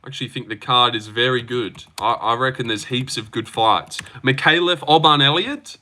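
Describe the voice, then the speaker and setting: A man's voice: mid-range voice, moderate pace, bright, forceful tone. A young Australian man hosting a livestream, reading out chat and reacting in loose, slangy talk. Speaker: livestream host.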